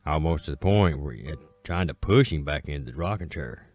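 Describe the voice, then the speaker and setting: A man with an Appalachian accent telling a folk tale in a slow, drawling way, with dramatic pauses. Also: extremely low pitch, animated, a little mellow, soft background music. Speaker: storyteller. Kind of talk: folksy spoken storytelling.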